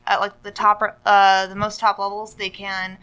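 A woman talks casually on a podcast, wandering through her point with many "uh"s and "like"s. Her voice is bright and crisp, with a smooth, clean tone. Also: mid-range voice, monotone, normal speed, low-quality recording. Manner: rambling, full of "uh" and "like". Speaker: podcast co-host. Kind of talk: casual chat.

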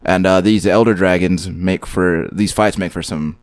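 Chill podcast co-host, low voice, dry mic, swears a bit, really into it. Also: male voice, fairly even intonation, normal speed, no room sound. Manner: easygoing, enthusiastic, casual swearing. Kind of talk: casual chat.

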